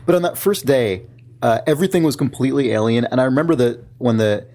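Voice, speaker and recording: A young adult man co-hosting a podcast, chatting casually and acting out little bits of dialogue with animated energy. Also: mid-range voice. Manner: animated, acts out characters' lines in quick impressions. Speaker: podcast co-host. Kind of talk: casual chat.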